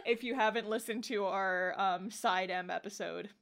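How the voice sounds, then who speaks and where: A young woman co-hosting a casual podcast, retelling scenes in an animated way, laughing often and acting out characters' lines. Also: medium pitch, moderate pace, gravelly. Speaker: podcast co-host. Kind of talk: casual chat.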